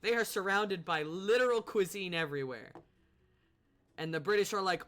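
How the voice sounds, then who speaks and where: A game streamer gives loud, casual commentary full of swearing and jokes, laughing often. The voice is bright and forceful, pitched in a middle range. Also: normal speed. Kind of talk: casual let's-play commentary.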